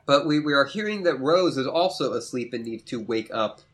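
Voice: mid-range voice, lively intonation, fairly quick, a bit bright. A performer chatting casually with hesitant, stammering restarts. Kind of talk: casual chat while reading.

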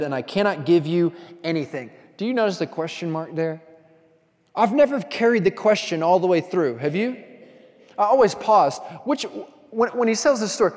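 A man preaching a sermon as pastor, talking conversationally and telling animated stories with asides to the congregation. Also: sits high, big-room sound.

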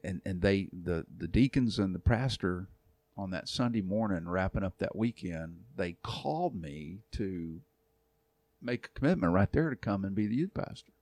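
A man around sixty, a youth pastor, tells a long story in a relaxed podcast chat, acting out quoted voices and laughing often. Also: low voice, moderate pace, no echo. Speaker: youth pastor and church elder.

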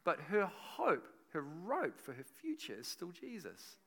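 A man preaching a sermon, his voice a touch high and very lively in pitch. He drops soft and low, then swells loud, laughing between points. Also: unhurried. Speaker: pastor.

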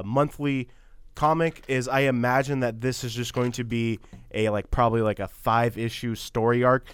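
A man co-hosting a casual podcast chat, talking in a halting, rambling way with lots of fillers and restarts. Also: mid-range voice, smooth, dry recording, clean studio sound. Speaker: podcast co-host.

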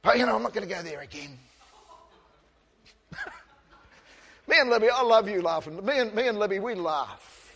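A pastor preaching a passionate sermon, shifting from soft, quiet asides to loud outbursts, and joking about himself with the congregation. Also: male voice, high voice, lively intonation, moderate pace, long pauses, husky. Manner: self-deprecating humour with the congregation. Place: church. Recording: long reverb of a church hall.

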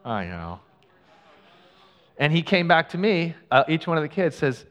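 A middle-aged male pastor telling a personal story in a sermon, animated and acting out what people said. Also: a little high, unhurried, pauses often, smooth. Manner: animated storyteller, acts out quoted lines. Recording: long hall reverb.

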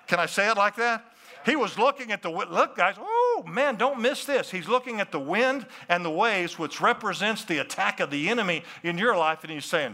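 Bright, high-voiced man preaching. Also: moderate pace. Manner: animated, talks to the crowd with questions and asides. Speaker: pastor. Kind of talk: sermon.

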